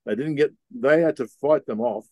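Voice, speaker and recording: Laid-back man, mellow voice. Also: medium pitch, moderate pace, no echo. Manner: laid-back, rambling, with Aussie slang. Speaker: podcast guest, sea captain. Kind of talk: casual storytelling.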